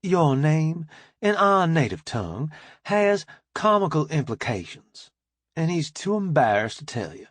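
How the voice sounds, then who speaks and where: A man's voice: a little high, very animated, a little slow, dry recording. A man voicing a sassy, folksy woman who teases her captain with wry, scolding banter. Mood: teasing.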